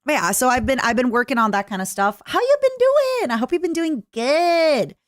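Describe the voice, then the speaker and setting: A young woman with a Canadian accent chatting casually with her stream viewers, jokey and full of quick asides. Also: sits high, sing-song, no echo, clean studio sound. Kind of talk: casual livestream chat.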